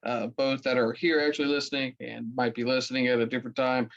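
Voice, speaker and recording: A man's voice: mid-range voice, little pitch movement, quick pace, gravelly, fairly bright tone, muffled recording, a little hiss or hum. A man co-hosting a podcast in casual chat, laid-back and jokey, often trailing off. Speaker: podcast co-host.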